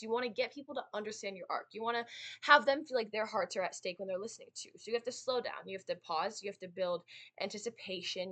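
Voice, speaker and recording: A young woman explains performance technique in a casual lesson. She talks fast and chattily, with plenty of fillers and tag questions. Her voice is bright and forward. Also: on the high side. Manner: chatty, many fillers and "right?" tags. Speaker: speech and debate student teaching.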